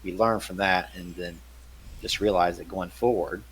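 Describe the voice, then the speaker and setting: Man, tabletop player, casual chat, rambling, low voice, faint background noise. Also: steady tone, moderate pace, a bit bright, low-quality recording. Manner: rambling, repeats words as he thinks.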